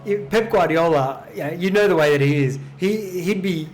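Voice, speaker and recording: A man co-hosting a podcast in casual sports chat, animated and rambling, laughing often. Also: high voice, moderate pace, soft background music. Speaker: podcast co-host.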